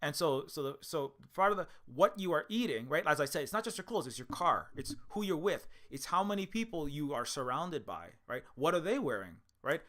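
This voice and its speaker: Rambling man with a bright tone. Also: a little high, lively intonation, fairly quick, few pauses. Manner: tangential, restarts a lot, self-deprecating asides. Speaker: game developer and commentator. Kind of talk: rambling casual monologue.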